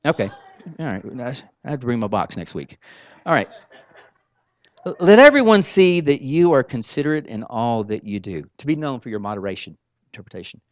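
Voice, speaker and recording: A man preaching a sermon, swinging between soft asides and loud exclamations in a folksy, informal way. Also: mid-range voice, sing-song, normal speed, no room sound.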